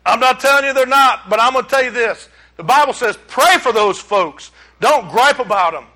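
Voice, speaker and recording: A man with a high, ringing voice preaches with a drawl. He sounds middle-aged, talking to his congregation in a folksy, plain-spoken way and pushing his points home with loud, emphatic bursts. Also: lively intonation, normal speed. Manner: folksy and emphatic, with rising exclamations. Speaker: pastor. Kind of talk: sermon.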